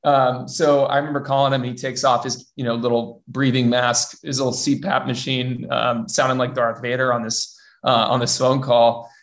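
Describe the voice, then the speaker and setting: A man's voice: mid-range voice, little pitch movement, normal speed. A young man who played college football, telling a story in a casual interview, rambling with many fillers and restarts. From US West Coast.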